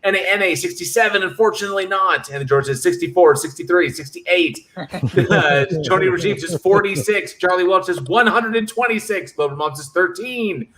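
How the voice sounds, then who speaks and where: A man's voice: sits high, moderate pace, a bit bright. A man hosting a casual horror podcast, talking animatedly and swearing as he retells film scenes. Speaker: podcast host. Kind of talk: casual chat.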